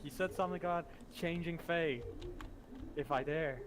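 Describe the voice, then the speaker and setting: A man's voice: a little high, moderate pace, noisy background. A man playing a tabletop role-playing game, talking casually and jokily in character. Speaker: player.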